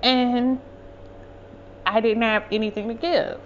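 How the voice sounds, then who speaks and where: A woman's voice: fairly high pitch, fairly even intonation, takes it slowly, highs cut off, slight background noise. A woman hosting a podcast, telling a personal story in a rambling, conversational way and often correcting herself mid-sentence. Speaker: podcast host. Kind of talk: casual storytelling monologue.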